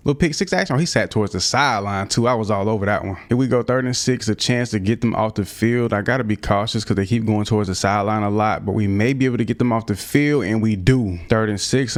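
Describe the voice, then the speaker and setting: A young man with a fairly low voice talks through his football video game in loose, slangy play-by-play. He sounds a little out of breath at times and breaks into loud, high outbursts when a play goes wrong. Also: quick pace, few pauses. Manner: casual slang-heavy play-by-play, frequent excited outbursts. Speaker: gaming YouTuber. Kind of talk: live gameplay commentary.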